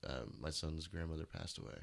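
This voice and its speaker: A man's voice: very deep voice, steady tone, brisk, creaky, a bit bright, slight background noise. A man hosting a casual podcast in a small home studio, laughing often, swearing freely and stumbling over his words. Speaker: podcast host. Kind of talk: casual chat.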